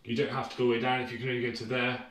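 Rapid-fire and completely flat in delivery, this British man has a mid-range, slightly bright voice. He's a fitness instructor running a home workout, casual and encouraging in loose phrases and a bit breathless. A distant camera mic captures it, leaving the video roomy and noisy.

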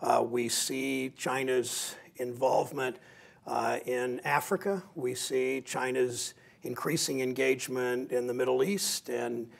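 A man with a raspy, gravelly voice giving a folksy, self-deprecating speech with anecdotes to an audience in a meeting room, with a Midwestern American accent. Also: medium pitch, steady tone, unhurried. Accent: Ohio, Midwestern American. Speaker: senator giving a talk. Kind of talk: after-dinner style speech with anecdotes.

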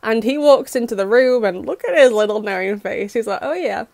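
A young woman recapping a cartoon episode in a gushing, excitable fangirl way. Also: fairly high pitch, fairly quick, no room sound. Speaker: fan reaction host.

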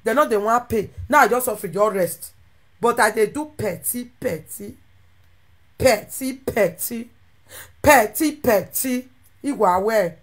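A woman speaking with a Nigerian Pidgin accent, ranting animatedly to her followers and swinging between loud outbursts and quieter asides. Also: fairly high pitch, a little slow. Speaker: social media content creator. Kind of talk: impassioned monologue to followers.

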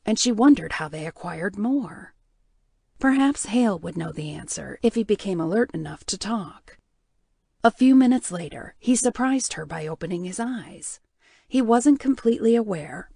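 A woman reading an audiobook in a measured, even storytelling manner. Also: medium pitch, vocal fry, husky, no room sound, studio quality. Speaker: audiobook narrator. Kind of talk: scripted narration.

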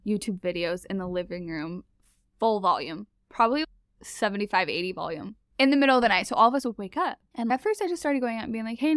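A woman telling a personal story as a podcast guest, chatty and animated and laughing often. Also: medium pitch, dry recording, studio quality. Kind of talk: casual storytelling.

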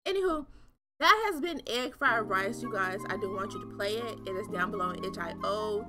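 A young woman streaming a horror game, talking in an animated way straight to her viewers and swearing often. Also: mid-range voice, normal speed, faint music behind. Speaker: gaming streamer. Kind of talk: casual let's-play commentary.

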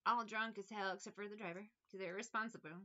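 A woman's voice: medium pitch, fairly even intonation, fast, pushed and bright, muffled recording. A woman, a tarot reader chatting casually, rambling, laughing often and breaking into song. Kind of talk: casual chat. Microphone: phone.

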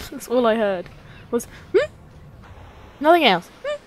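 A woman's voice: on the high side, wildly swooping pitch, slow, a little hiss or hum. A young woman giving casual, sweary, joking commentary while playing a video game. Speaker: let's play host.

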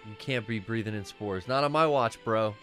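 A man's voice: fairly low pitch, normal speed, over music. A man co-hosting a casual gaming stream, laid-back and swearing often, muttering to himself as he plays. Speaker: stream co-host playing a video game.

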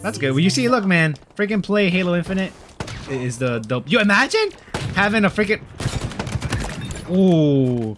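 Excitable young man over game gunfire. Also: high-pitched, moderate pace, long pauses, background noise. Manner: excitable, swings between mumbling and loud outbursts, slangy. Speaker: gamer. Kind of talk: casual gameplay commentary. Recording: game gunfire loud behind voice.

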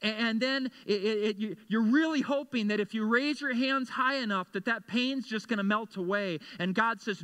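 Bright-voiced man preaching a sermon. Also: normal speed, few pauses, clear, resonant tone. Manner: earnest, repeats words when pressing a point; drops to a soft, low voice for comfort. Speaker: pastor. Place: church sanctuary.

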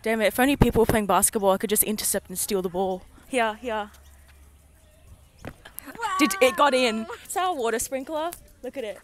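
A teenage girl with an Australian accent vlogs around her school grounds outdoors on a handheld phone, rambling, giggling and poking fun at herself. Her voice sits on the high side and she talks at normal speed.

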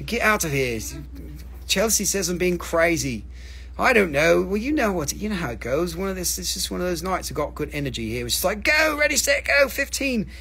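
High-voiced man hawking crystals live. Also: lively intonation, a little fast, creaky, fairly bright tone, slightly rough. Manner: joking, profane, rambling. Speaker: livestream crystal seller. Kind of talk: casual live-sale patter.

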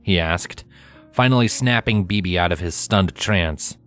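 Low-voiced man reading a story. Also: measured pace, faint music behind. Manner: steady storytelling, acting out dialogue. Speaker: narrator. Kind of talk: fanfiction reading.

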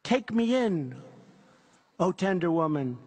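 A man's voice: high voice, very animated, slow pace, darkish tone, husky, full character voice. A man voicing a vicious, sly male snake in a read-aloud poem, pleading sing-song and taunting. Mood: wheedling. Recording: long reverb of a big hall.

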